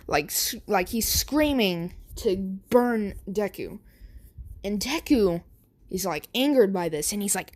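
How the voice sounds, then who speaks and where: A woman casually telling a made-up story, rambling and correcting herself as she goes. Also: mid-range voice. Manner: rambling, full of fillers and self-corrections.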